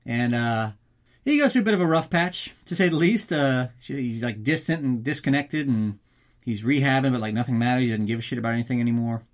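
A man hosting a podcast, recapping a film in a casual, sarcastic, profane way and slipping into quick mock voices. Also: mid-range voice. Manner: reads a mock ad in an upbeat announcer tone.

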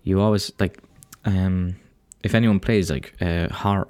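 Low-voiced, swearing Irish man. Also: moderate pace, few pauses, a little mellow, no room sound. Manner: rambling, profane, self-deprecating. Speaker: podcast host. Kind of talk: casual solo podcast monologue.

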